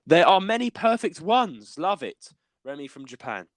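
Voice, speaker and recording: A young British man co-hosting a podcast in casual chat, giggly and animated, often stumbling over restarts. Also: a little high, moderate pace, dry recording. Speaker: podcast co-host.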